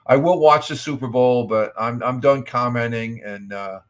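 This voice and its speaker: A man's voice: mid-range voice, moderate pace. Middle-aged male streamer, casual chat host, friendly rambling delivery, reads chat aloud, lots of restarts. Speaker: livestream host. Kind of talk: casual morning livestream chat.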